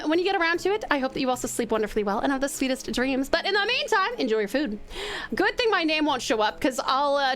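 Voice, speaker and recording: A young woman, streaming a game live, excitable, laughing and swearing as she talks to chat. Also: high voice. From Tasmania, Australia.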